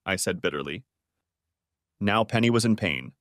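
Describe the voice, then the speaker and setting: A male narrator reading a first-person story aloud with dramatic feeling. His mid-pitched voice rises and falls widely, and the recording is close and dry. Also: expressive, moderate pace, a bit bright, dry recording.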